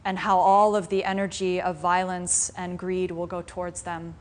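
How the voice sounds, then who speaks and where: A woman voicing a compassionate male deer leader in a fable, speaking softly and pleadingly. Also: lowish voice, flat delivery, moderate pace, natural voice. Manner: soft, pleading, heartfelt. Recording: faint room noise in a live class.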